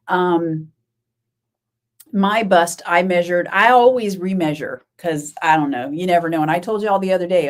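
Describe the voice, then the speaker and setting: A middle-aged woman, her voice sitting a little low. She chats loosely with viewers on a live stream, rambling and laughing easily as she answers them by name. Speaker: knitting podcast host.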